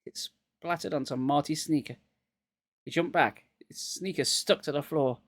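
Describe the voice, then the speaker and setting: A man's voice: on the high side, a little slow, dry recording. A man getting over a cold, reading a children's horror book aloud live and dropping wry jokes between passages.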